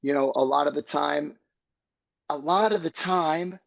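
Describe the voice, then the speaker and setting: A man's voice: on the high side, a little slow, creaky, dry recording. A man speaking as a podcast guest, earnest and searching, building his thoughts step by step in a reflective conversation.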